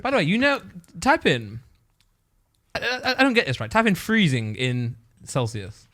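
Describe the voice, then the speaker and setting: Animated man hosting a podcast. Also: fairly high pitch, normal speed. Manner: animated, laughs often, rhetorical questions. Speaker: podcast host. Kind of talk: casual chat.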